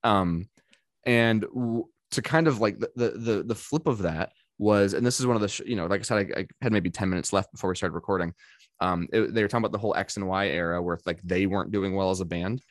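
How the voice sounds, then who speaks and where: A man's voice: low voice, quick pace, no echo, clean studio sound. A man co-hosting a podcast, chatting casually and rambling a little, with lots of fillers and restarts. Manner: chatty, full of fillers and restarts, quotes others in put-on voices. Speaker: podcast co-host. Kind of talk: casual chat.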